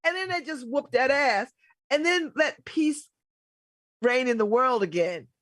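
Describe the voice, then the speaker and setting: High-pitched woman host going off about politics, blunt and animated, dry studio sound. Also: unhurried, no echo. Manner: emphatic, animated, blunt, laughs often. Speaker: radio host. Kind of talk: casual political talk.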